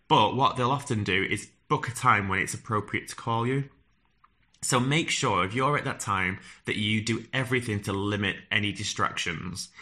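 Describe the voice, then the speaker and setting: A man's voice: fairly low pitch, bright, forceful tone. A man with a strong northern English accent giving direct, earnest advice on phone interviews, with frequent fillers and restarts. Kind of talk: advice talk to camera.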